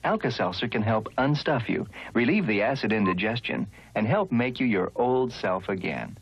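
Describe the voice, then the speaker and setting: A man voicing an announcer in a vintage commercial, delivering a persuasive pitch. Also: expressive, moderate pace, husky. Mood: selling. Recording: muffled old ad recording with noise.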